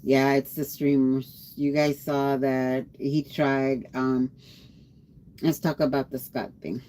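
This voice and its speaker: Tired woman livestreamer, low voice, slow rambling chat with viewers. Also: level tone, dark tone. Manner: rambling, greets chatters by name. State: tired after a long day.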